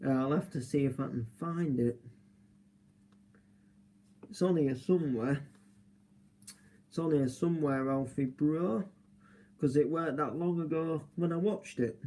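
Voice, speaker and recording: Rambling young Englishman, mellow voice. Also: on the high side, a little slow, pauses often, low-quality recording. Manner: rambling, with many fillers and restarts. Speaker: live streamer. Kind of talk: casual chat. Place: hotel room.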